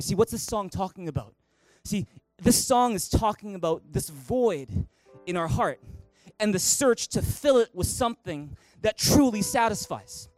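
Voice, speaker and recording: A man's voice: high-pitched, no echo. A man preaching as a pastor in a church, passionate and driving his points home with repeated rhetorical questions. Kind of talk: sermon.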